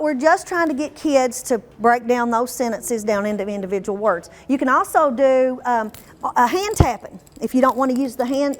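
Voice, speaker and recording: A woman leads a teacher training workshop. She quizzes the room and stretches demo words out slowly. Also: fairly high pitch.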